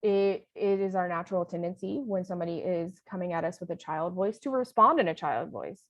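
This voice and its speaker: A woman's voice: on the low side, brisk, no room sound. A woman leading a training session in a conversational lecture style, often checking in with "right?".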